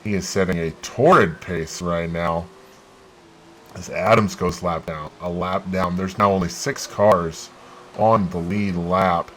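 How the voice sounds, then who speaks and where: A man hosting a gaming channel, giving excitable play-by-play of his racing game and bursting into loud exclamations. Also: sits low, unhurried, a little hiss or hum, rough recording.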